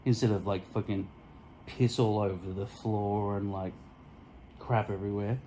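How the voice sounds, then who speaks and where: Male vlogger, low-ish voice, crude tangent-hopping solo rant into a phone camera at home, faint noise behind. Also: steady tone, moderate pace, warm tone, low-quality recording. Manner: profane, tangent-hopping, mock-offensive. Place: indoors at home, in front of a mirror. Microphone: phone camera stuck to a mirror.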